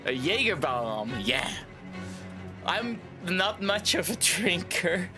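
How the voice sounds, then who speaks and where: Man, casual gameplay chat, rambling, tipsy, lively pitch, slightly high voice. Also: slow pace, over music. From Canada. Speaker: streamer. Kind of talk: casual game commentary.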